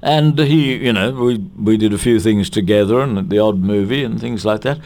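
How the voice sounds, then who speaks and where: A man's voice: fairly low pitch, moderate pace, a little mellow. Older Australian man telling showbiz stories. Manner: anecdotal and chatty, with restarts and quotes acted out in other voices. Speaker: veteran actor, interviewee. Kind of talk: reminiscing interview.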